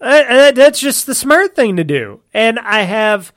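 A man with a rather high voice hosts a casual solo podcast from his home office, talking into a desk mic. He rambles on at length, circling back on himself with plenty of fillers and restarts. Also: very animated, a little slow, fairly bright tone. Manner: rambling, talkative, self-interrupting with fillers. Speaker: podcast host. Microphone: desk microphone.

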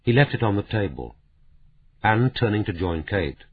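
A man reading a novel aloud in measured, somber scripted narration. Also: on the low side, very animated, breathy edge. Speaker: audiobook narrator. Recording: narrow, phone-like audiobook sound.

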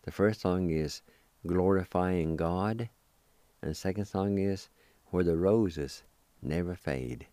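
A man's voice: deep voice, slow pace, dark tone, dry recording. A man teaching a language lesson, spelling and pronouncing words syllable by syllable with patient repetition. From Oklahoma, United States. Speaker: language teacher and radio host. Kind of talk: slow spoken vocabulary lesson.

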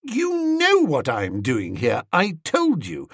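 A storybook reader voicing an imperious, scheming young woman who talks fast and bosses everyone around. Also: mid-range voice, wildly swooping pitch, husky, dry recording, studio quality, full character voice. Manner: bossy, fast and breathless.

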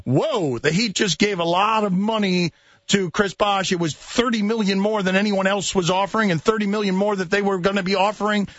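Host guy, high lively voice, wry teasing, laughs a lot, dry dull studio sound. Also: a little fast, dry recording. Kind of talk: sports radio banter.

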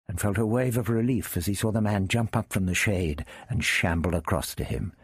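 A man narrating an adventure story with steady, tense delivery. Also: fairly low pitch, normal speed, hardly any pauses, husky, no room sound, studio quality. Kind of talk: audiobook reading of an adventure story.

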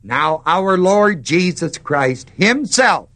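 A man preaching a sermon, stressing words slowly and putting questions to the congregation. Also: high-pitched, lively intonation, a bit bright.

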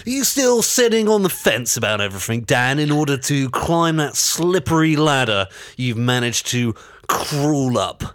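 An actor playing a posh English talk-radio host who rants indignantly. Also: male voice, mid-range voice, very animated, moderate pace, a bit bright, no room sound, clean studio sound. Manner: ranting, indignant, pompous. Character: ranting posh pro-Brexit radio host, man.

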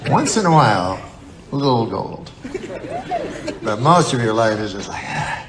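A man's voice: fairly low pitch, very animated, normal speed, noisy background. A man doing stand-up comedy, telling rambling, profane stories in a loose conversational way. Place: live comedy venue with audience. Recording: live stand-up with crowd laughter. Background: audience laughter.

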